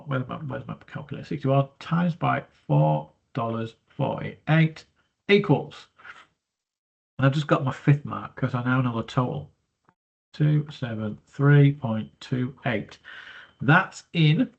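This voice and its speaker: A man's voice: medium pitch, creaky, slightly rough. A man teaching maths, talking through a worked exam question step by step in a chatty, thinking-aloud way, stuffy and breathing through his mouth from hay fever. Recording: dull lo-fi recording.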